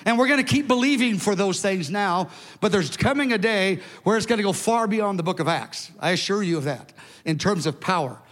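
An older man in his seventies with a high-pitched voice preaches to his congregation, spinning a story with animated emphasis and casual asides. His voice rings out through a large church hall with a long, lingering reverb. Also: a little fast. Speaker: pastor. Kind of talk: sermon storytelling.

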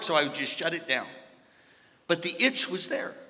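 A man preaching a sermon as pastor, moving between hushed storytelling and shouted exhortation. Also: on the high side, very animated, a little fast, long pauses, in a large hall. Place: large church.

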